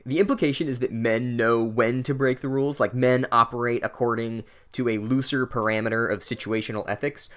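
A book reviewer gives a sarcastic chapter recap, casual and crude, packed with filler words. His voice is mid-range and a bit bright.

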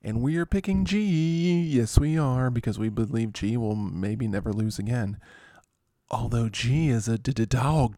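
A man's voice: fairly low pitch, warm tone, no echo, clean studio sound. A man hosting a fantasy football show in a casual, rambling, joking way, full of playful asides. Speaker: fantasy football podcast host. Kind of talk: casual comedic sports chat.

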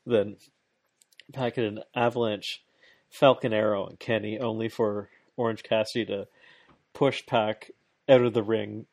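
A man with a lowish voice rattles through a play-by-play recap in casual chat. He sounds excited, laughs a lot and trips over his own restarts. The recording is dry and close, with no room sound. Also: unhurried, no room sound.

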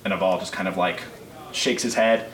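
A man's voice: sits low, fairly even intonation, normal speed, fairly bright tone. A man narrating as game master in a casual, rambling way, full of fillers and restarts. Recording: roomy, distant mic with faint noise.

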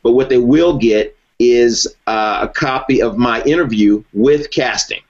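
A man who is a guest in an interview, talking in a measured way with frequent "you know" fillers. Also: mid-range voice, darkish tone. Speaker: guest, former reality race contestant. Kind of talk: conversational interview. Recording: dull lo-fi recording.

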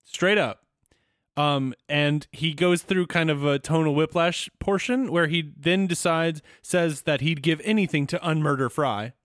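A man's voice: a little high, measured pace, fairly bright tone, dry recording, clean studio sound. A man co-hosting a podcast in casual chat, playful and riffing on jokes as he goes. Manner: playful, riffs and trails off into jokes. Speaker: podcast co-host. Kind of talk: casual episode recap chat.

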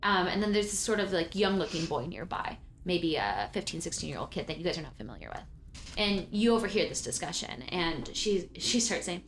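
A woman's voice: on the low side, sing-song, brisk, a little hiss or hum. A woman runs a tabletop game, talking casually with frequent ums and likes. There is a roomy echo around her voice and a faint murmur behind it. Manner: casual, filler-heavy narration. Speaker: game master.

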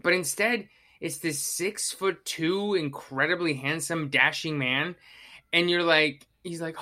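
A podcast co-host in casual movie-review chat, talking in an animated way, swearing and acting out their own reactions. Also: mid-range voice, unhurried.

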